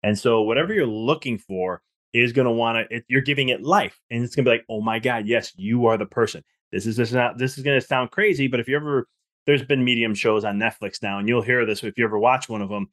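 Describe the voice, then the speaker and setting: Fast-talking man telling stories. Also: medium pitch. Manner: fast, animated storytelling with frequent restarts. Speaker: author and guest. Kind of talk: casual podcast conversation.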